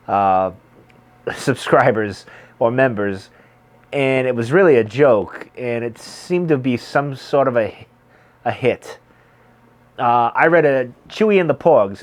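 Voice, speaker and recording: A middle-aged man chatting casually to camera as a pipe-smoking vlogger, rambling and circling back to his points. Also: medium pitch.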